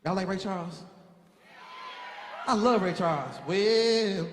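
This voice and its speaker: A man on stage as emcee, teasing the audience in comic banter with drawn-out sighs. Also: high voice, a little hiss or hum. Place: theater stage with live audience. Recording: echoey theater hall with live music.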